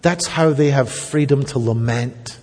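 A man's voice: mid-range voice, measured pace, darkish tone, slightly rough. A man preaching a sermon, earnest and emphatic, turning at times to speak directly to the children. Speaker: pastor. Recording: long reverb of a church hall.

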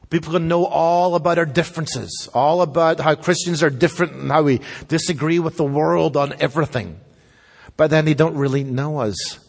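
A man's voice: fairly high pitch, vocal fry. A man preaching a sermon as pastor, emphatic and repeating his key lines for stress. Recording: long hall reverb.

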